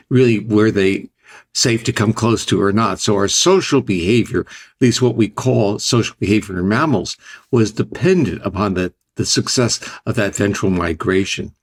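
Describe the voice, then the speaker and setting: An older man, a scientist guest, explaining ideas in a deliberate, conversational way. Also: on the low side. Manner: deliberate, explanatory, restarts phrases.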